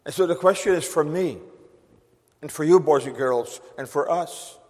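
A man preaching a sermon to his congregation, slow and emphatic, reading scripture solemnly. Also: a little high, darkish tone. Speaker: pastor. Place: church sanctuary. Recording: long reverb of a church hall.

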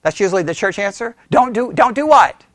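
A man's voice: sits high, expressive, brisk, no echo. A man preaching as a pastor, in a conversational way, quizzing his listeners with questions and often restarting his sentences. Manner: frequent self-corrections and restarts. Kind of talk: sermon.

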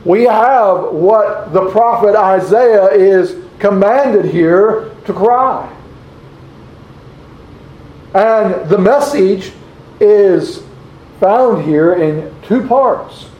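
A man delivering a sermon at a very unhurried, deliberate pace, his voice sitting a little high for a man. He asks questions of his listeners and reads scripture aloud. The recording is dull and lo-fi, with a roomy echo around him. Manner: slow, deliberate, repeats rhetorical questions; reads scripture aloud in old-fashioned wording. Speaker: preacher.

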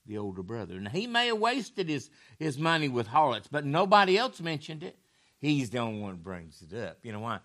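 A man preaching a sermon in a folksy way, repeating phrases and swinging from low murmurs to loud raised lines. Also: big pitch swings, a little fast.

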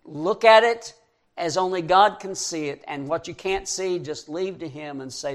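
A man's voice: a little high, normal speed. Earnest man preaching a sermon. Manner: earnest, rising to fervent emphasis, with verse-by-verse scripture reading.

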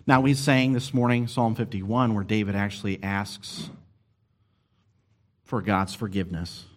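Preaching with earnest expression, this pastor's fairly low voice lifts on important words and slows whenever he wants a point to land.

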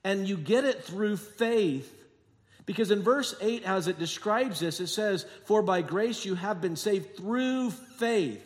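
A man preaching a sermon as pastor, telling jokey stories and acting out quotes, moving between quiet asides and emphatic points. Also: sits high, animated, slow. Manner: jokey, sarcastic storytelling with acted-out quotes. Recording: long hall reverb.

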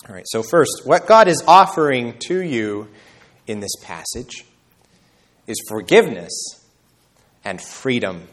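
A man preaching a sermon as pastor, earnest, with emphatic rises and slowed stressed words. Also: mid-range voice.

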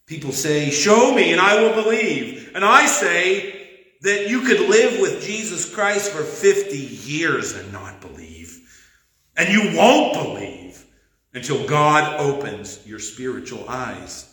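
Pastor, male, slow deliberate sermon delivery, bright tone, roomy church echo. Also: on the high side, animated. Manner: earnest, emphatic preaching with slow stresses.

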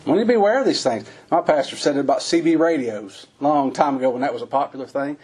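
A man preaching a folksy sermon, his voice climbing high on the emphatic lines. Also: fast talker, darkish tone, slightly rough.

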